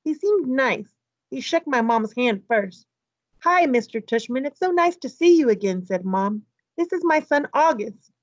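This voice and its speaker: Brief: teacher reading a children's book aloud, woman with a slightly high voice, dry and a little muffled sound. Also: no room sound. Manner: lively, voices the dialogue of each character.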